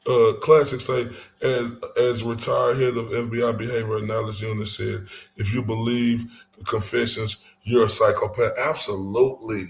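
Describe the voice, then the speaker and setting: A man's voice: medium pitch, little pitch movement, normal speed, gravelly, reverberant. A man hosting his own channel, giving heated, profane commentary with angry emphasis and frequent stumbling restarts.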